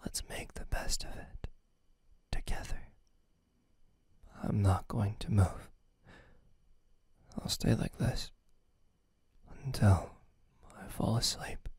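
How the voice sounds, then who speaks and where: A man voicing a teasing, possessive young gamer boyfriend in a whispered role-play, talking softly right at the ear on a close mic. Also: fairly low pitch, slow, pauses often, slightly rough, no room sound, full character voice. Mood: tender. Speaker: voice actor. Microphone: close mic by the listener's ear.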